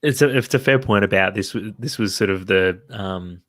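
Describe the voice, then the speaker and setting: A man's voice: fairly low pitch, moderate pace, a bit bright, dry recording. A man co-hosting a casual football podcast, talking in long rambling runs with restarts and the odd swear word. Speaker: podcast co-host.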